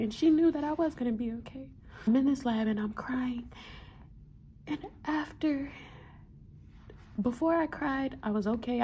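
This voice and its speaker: A young woman talks earnestly to her viewers in a heartfelt vlog, repeating key phrases and at times sinking into a near whisper. Her voice is mellow and slightly high. A faint noise sits under the recording. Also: creaky. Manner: earnest and repetitive, slips into soft whispers. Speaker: vlogger, medical student. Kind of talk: heartfelt motivational vlog talk.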